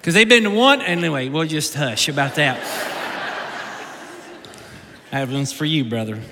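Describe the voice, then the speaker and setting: A male pastor preaching an animated, humorous sermon, often repeating words as he goes. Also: a little high, brisk, noisy background. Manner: animated, joking, repeats words mid-sentence. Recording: long reverb of a large hall.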